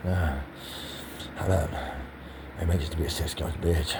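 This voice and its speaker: A man's voice: low voice, a little fast, heavy background noise. A man talking in a rambling, profane monologue, swinging from whispers to agitated pressured speech. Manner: rambling, drops to whispers then rises to agitated shouting.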